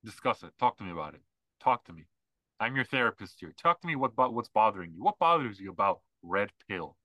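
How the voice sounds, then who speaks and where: Male podcast co-host, bright forceful voice, dry close mic, rambling mocking delivery. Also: fairly low pitch, sing-song, quick pace, dry recording, rough recording. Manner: rambling, mocking, mimics others in put-on voices. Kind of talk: casual podcast chat.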